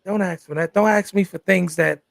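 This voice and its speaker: A man with a deeply gravelly, crackling voice, pitched a touch above the usual for men, hosting a live relationship talk show. He speaks emphatically and keeps circling back to the same phrases. The sound is dry and close to the mic. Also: a little fast, no echo. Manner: emphatic, repeats phrases like "exactly" and "good stuff".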